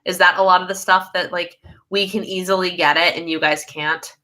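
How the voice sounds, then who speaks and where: A woman's voice: fairly low pitch, steady tone, a little fast, pushed and bright. A young woman, chatting casually on a home livestream, rambling and laughing mid-sentence as she reads comments. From United States. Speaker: livestream host reading viewer comments. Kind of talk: casual live chat.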